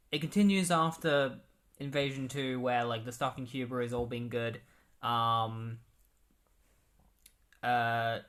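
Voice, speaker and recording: A man's voice: medium pitch, a bit bright. Rambling man recapping comics. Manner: rambling, filler-heavy. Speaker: comic book reviewer. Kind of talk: casual recap commentary.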